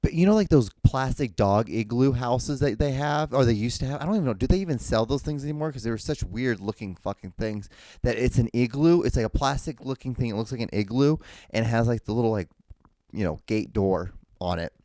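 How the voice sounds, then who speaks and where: Guy in his 30s doing a solo podcast, cussing and rambling, mid pitch, dead dry room. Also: brisk, warm tone, dry recording. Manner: profane, rambling, frequent restarts and fillers. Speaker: podcast host.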